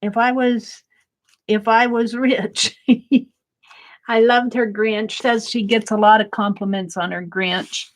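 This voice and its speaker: A woman art vlogger chatting and gushing while she paints, laughing often and thanking viewers warmly. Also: fairly high pitch, steady tone, slow pace.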